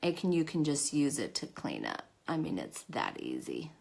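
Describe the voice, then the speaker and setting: A woman's voice: a bass voice, wildly swooping pitch, normal speed, vocal fry, a little mellow. A middle-aged woman hosting a casual live makeup tutorial, chatty and self-deprecating, greeting viewers by name. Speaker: makeup livestream host.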